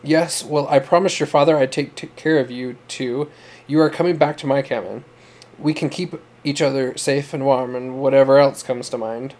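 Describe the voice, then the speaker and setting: A man's voice: medium pitch, fairly even intonation, normal speed, a little mellow, lightly acted. A man voicing a drunk, sarcastic young man in a storybook reading, slurring his words. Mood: sneering.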